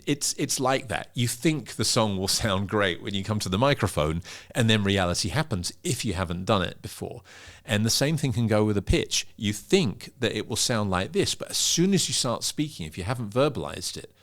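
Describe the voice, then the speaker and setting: A middle-aged man, a pitch coach, explaining in an interview and demonstrating vocal emphasis. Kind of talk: interview conversation.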